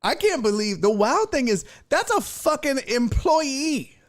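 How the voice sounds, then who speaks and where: A young adult man hosting a live stream, telling stories in an animated, profane way and acting out the people in them. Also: very high-pitched, unhurried. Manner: animated storytelling with profanity and acted-out voices. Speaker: streaming show host. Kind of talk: casual live-stream chat.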